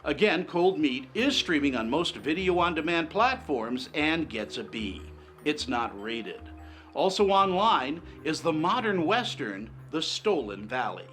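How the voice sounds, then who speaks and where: Lively male film reviewer. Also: on the high side, a little slow, faint music behind. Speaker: film critic.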